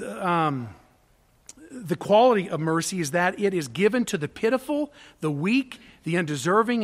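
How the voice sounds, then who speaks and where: A man with a notably high voice preaches from the pulpit as pastor. He poses rhetorical questions and answers them himself, swinging between ringing declarations and hushed, near-whispered asides. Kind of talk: sermon.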